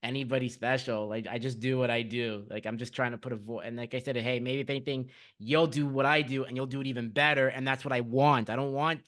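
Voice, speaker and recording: A man hosting a podcast interview, telling stories in an excited, rambling way full of restarts and fillers. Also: medium pitch, fast talker, hardly any pauses. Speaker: podcast host. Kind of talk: casual conversational interview.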